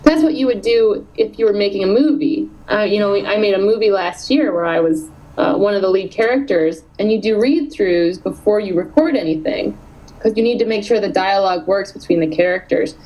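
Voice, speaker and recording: A woman author in her thirties chatting in an interview, animated and quick to laugh. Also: mid-range voice, poor audio. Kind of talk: casual interview chat.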